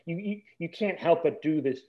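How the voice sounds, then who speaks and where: A man co-hosting a casual podcast, his voice pitched a bit high. He rants with animated indignation and trips over his own restarts. The sound is slightly dull and lo-fi. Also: moderate pace. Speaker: podcast co-host. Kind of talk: casual chat.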